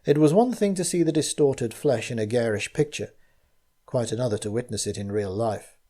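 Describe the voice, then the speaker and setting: A man reading his own gothic mystery story aloud, in measured first-person narration. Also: mid-range voice, mellow.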